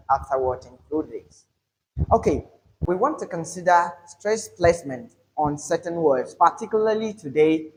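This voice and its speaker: A man's voice: on the high side, rough recording. A man teaching an English lesson on word stress, stretching out example words with emphasis. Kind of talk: classroom-style video lesson.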